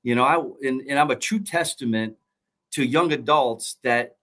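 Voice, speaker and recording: A man's voice: medium pitch, moderate pace, a bit bright. Earnest preachy middle-aged man. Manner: earnest, preachy, repeats key phrases. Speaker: college football coach and former pro player. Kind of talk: motivational interview talk.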